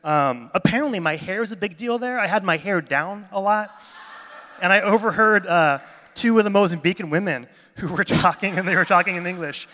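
Bright-voiced man preaching in a hall. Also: high voice, a little fast. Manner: chatty, enthusiastic storytelling. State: jet lagged. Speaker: pastor. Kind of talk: casual sermon talk. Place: church gathering. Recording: long reverb of a large hall.

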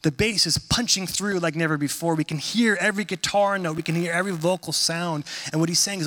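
A man in his thirties preaching a sermon in a conversational, animated storytelling manner. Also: on the high side, brisk, few pauses. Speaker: pastor.

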